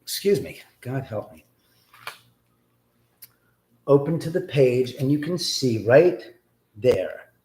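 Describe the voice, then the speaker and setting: A man hosting a live stream, telling a rambling, animated story and swearing freely. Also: mid-range voice, takes it slowly, long pauses. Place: in a house. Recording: roomy echo.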